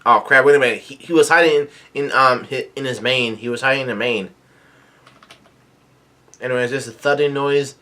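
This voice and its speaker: Halting, filler-heavy man recapping a chapter. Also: mid-range voice, bright, forceful tone. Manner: halting, many fillers and restarts; reads quoted lines in a plain narrating voice. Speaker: manga reaction vlogger.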